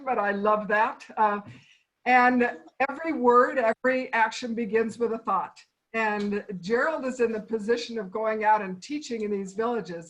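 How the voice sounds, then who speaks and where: Woman trainer, bright-pitched, laying out steps. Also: low-quality recording. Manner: instructive, stepwise with repeated emphasis. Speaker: anger management trainer. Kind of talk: online training talk. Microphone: video call.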